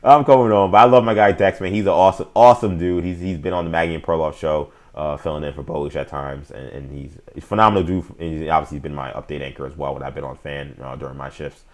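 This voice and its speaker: A man's voice: rumbling low, fairly even intonation, fast talker, hardly any pauses. A man hosting a casual live-stream sports talk show, opinionated and slangy, speaking straight to his chat viewers. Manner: frequent fillers and restarts, slangy.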